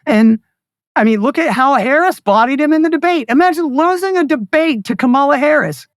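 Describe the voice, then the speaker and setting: A man's voice: extremely high pitch, lively intonation, fairly quick, no echo, clean studio sound. A man speaking as a guest in a political interview, ranting with sarcasm and scorn. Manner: mocks others in put-on voices. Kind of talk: heated political interview talk.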